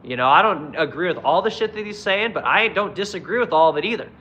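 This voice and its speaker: A man's voice: sits high, animated, fast talker, sharp tone, a little hiss or hum, low-quality recording. A man talking into his phone on a live stream, swearing constantly in a blunt, heated political rant while answering chat. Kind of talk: angry profane political rant.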